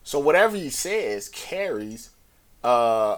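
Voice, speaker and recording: A man's voice: mid-range voice, lively intonation, normal speed. A man hosting a podcast, talking through sports media in a casual, rambling way and pushing his voice up to stress a point. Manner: conversational, talks in circles, rising emphasis on key points. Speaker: podcast host. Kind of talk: casual solo commentary.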